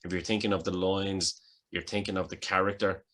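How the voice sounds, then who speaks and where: A man's voice: low voice, a little fast. A man chatting as a podcast guest, swearing a lot and restarting his sentences. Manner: sweary, animated, restarts often. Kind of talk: casual chat, recasting a film.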